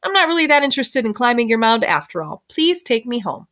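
A woman's voice: fairly high pitch, big pitch swings, fast talker, a bit bright, pitched above the performer's own voice. A woman voicing a proud young girl who speaks in a prim, cool, polite way.

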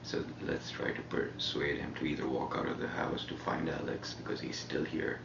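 A man's voice: rumbling low, level tone, moderate pace, gravelly. A man with an Indian English accent, chatting casually in a laid-back, profane, rambling way as a reality show contestant in a shared house. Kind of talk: casual chat. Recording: muffled roomy house-cam audio with background noise.

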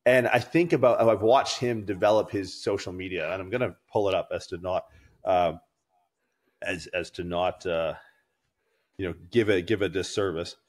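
A man's voice: low-pitched, fairly even intonation, normal speed. A man co-hosting a podcast, telling stories in casual chat, rambling and swearing freely. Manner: profane, rambling storyteller. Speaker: podcast co-host.

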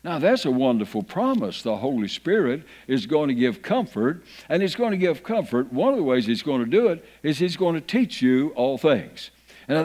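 A man's voice: a little high, darkish tone. A man over fifty preaching a sermon in a church, reading scripture aloud with folksy asides. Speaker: pastor. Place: church sanctuary.

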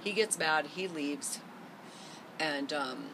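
A woman's voice: low-pitched, slow, vocal fry, noisy background. A middle-aged woman telling a long personal story to camera in a rambling, candid way with many fillers, recorded outdoors in a garden. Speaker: vlogger.

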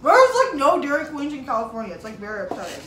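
A young woman in her twenties hosting a casual chat mukbang, bubbly and animated, laughing often. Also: high voice, quick pace, soft background music. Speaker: YouTuber host. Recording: echoey room, distant mic, some noise.

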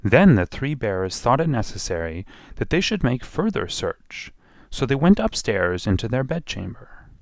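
A man's voice: medium pitch, very animated, moderate pace, gravelly, dry recording, clean studio sound. A man narrating a children's storybook expressively, drawing out repeated phrases.

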